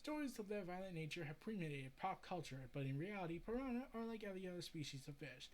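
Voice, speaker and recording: A man's voice: high voice, expressive, fast talker, a little mellow, poor audio. A man reading a lecturing marine biologist. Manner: explanatory, lecturing. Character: lecturing middle-aged male marine biologist.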